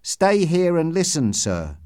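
A man's voice: on the high side, wildly swooping pitch, slow pace, a little mellow, no room sound, clean studio sound, pitched above the performer's own voice, exaggerated voice. A man doing a frightened old manservant. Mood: anxious. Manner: deferential, anxious, keeps saying sir. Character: frightened old male servant, long-serving, deferential.

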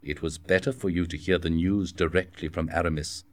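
A man's voice: low-pitched, fairly even intonation, a little fast, no echo, lightly acted. A man reading the part of a commanding young French king in a formal, authoritative way. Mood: firm. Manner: firm, formal, authoritative delivery.

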